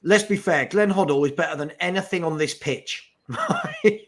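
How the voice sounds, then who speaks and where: A man's voice: high voice, huge pitch swings, moderate pace. A man hosting a live fan watch-along of a football match, chatting casually, exasperated and swearing about his team.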